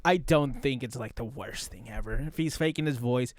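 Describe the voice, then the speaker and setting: A man's voice: medium pitch, moderate pace, dry recording, studio quality. A man streaming a casual reaction commentary, rambling and talking straight to his chat while demonstrating voice tricks.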